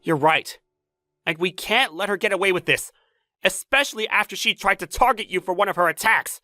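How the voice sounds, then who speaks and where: A woman's voice: medium pitch, brisk, sharp tone, dry recording, clean studio sound, natural voice. A woman voicing a caring female company boss, worried and indignant, in a voiced story drama. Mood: concerned.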